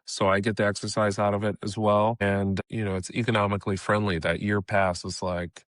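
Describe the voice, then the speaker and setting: A man from California, a guest comedian, chatting casually on a podcast with relaxed, hesitant speech and frequent restarts. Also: lowish voice, brisk, no room sound, clean studio sound.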